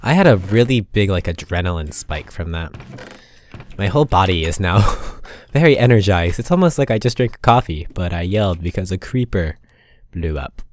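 A man's voice: sits low, expressive, normal speed. A man giving casual commentary over his own gameplay, muttering asides to himself and breaking into sudden exasperated outbursts. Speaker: gaming channel host.

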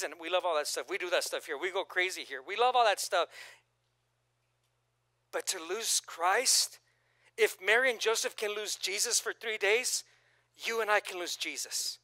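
A male pastor preaching a lively sermon, reading scripture aloud and calling on the congregation to repeat after him. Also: high voice, moderate pace, dry recording. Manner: reads scripture aloud, then comments casually.

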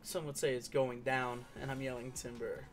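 A man's voice: mid-range voice, flat delivery, normal speed, faint music behind. A young man giving playful, casual commentary over a game he is playing, singing along and slipping into goofy voices. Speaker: gaming streamer.

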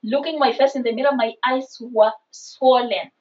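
A woman in her twenties with a Kenyan accent, telling a personal story in animated, casual vlog style, slipping in Swahili slang. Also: fairly high pitch, normal speed. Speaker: vlogger. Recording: slightly distant, dull sound.

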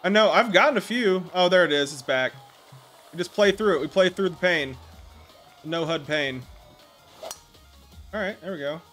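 A man speedrunning a golf game, commenting out loud with frequent swearing and frustrated outbursts. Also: high voice, moderate pace, pauses often, faint music behind. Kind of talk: profane live gameplay commentary.

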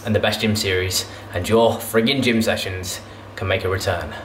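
A man's voice: low voice, fairly even intonation, normal speed. A young man, a fitness vlogger, chatting casually and rambling between sets in his home garage gym, often correcting himself. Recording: echoey garage with loud background noise.

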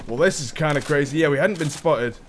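A young man, a gaming YouTuber, chatting casually through gameplay with quick surprised exclamations. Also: a little high, a bit bright, a little hiss or hum. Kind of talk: live gameplay commentary.

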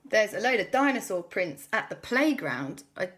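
A woman's voice: mid-range voice, very animated, normal speed, fairly bright tone. A woman voicing an earnest, dutiful female rescue pup who reports politely to her leader.

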